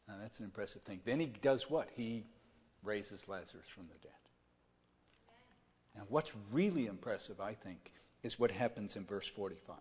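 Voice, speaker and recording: A man's voice: fairly low pitch, lively intonation, moderate pace, breathy edge. A pastor delivering a conversational sermon, retelling a story in plain words and often checking that his listeners follow along. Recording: long reverb of a large hall.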